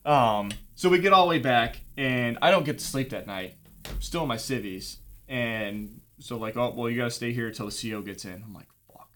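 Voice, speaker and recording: A man's voice: mid-range voice, normal speed, bright, forceful tone. A young man spins a rambling, profane story in a casual chat. He swears freely and slips into the voices of the people in the story. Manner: profane, rambling, acts out dialogue. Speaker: guest telling a story.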